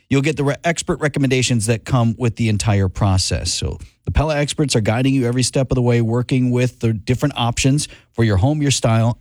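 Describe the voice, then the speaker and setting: Talk radio host, dry studio sound. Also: male voice, mid-range voice, a little mellow, no room sound. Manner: conversational, reads ads then news. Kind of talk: talk radio news and ad reads.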